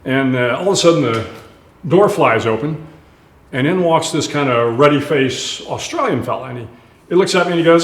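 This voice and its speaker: A man's voice: fairly high pitch, lively intonation, normal speed. A man in his sixties, an author and retired admiral, telling personal stories earnestly in a live onstage conversation, with frequent restarts and fillers. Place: live event stage. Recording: roomy hall sound.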